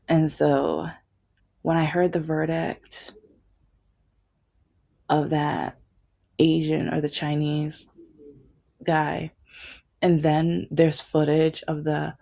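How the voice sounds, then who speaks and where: A woman's voice: deep voice, gravelly, a little mellow. A woman vlogging in a casual, rambling monologue full of fillers and restarts.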